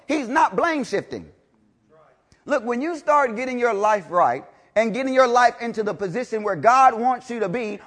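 An expressive man preaches at normal speed to a congregation. He hammers his points through repetition, rises to loud declarations and drops to low intensity, and asks rhetorical questions along the way.

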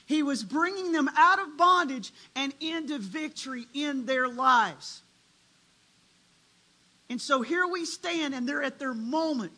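High, bright-voiced dramatic preacher. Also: animated, unhurried, rough recording. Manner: dramatic, swinging between hushed and loud. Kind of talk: sermon.

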